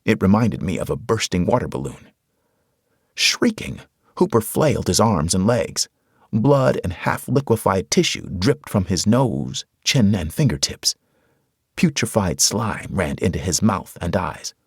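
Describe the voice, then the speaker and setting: A man's voice: deep voice, sing-song, unhurried, breathy edge, no room sound, studio quality. A man narrating a horror audiobook in the first person, with dramatic storytelling.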